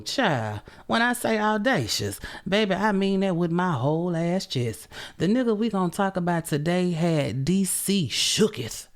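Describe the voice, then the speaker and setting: A middle-aged woman hosting her podcast in casual, sassy chat, tired and run down, swearing freely and calling listeners honey. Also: lowish voice. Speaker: podcast host.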